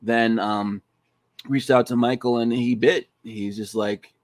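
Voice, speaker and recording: This podcast guest has a medium-pitched voice and an unhurried pace, recorded with no room sound. Chatting informally and with lots of energy about his film, he swears and mimics quotes in funny voices.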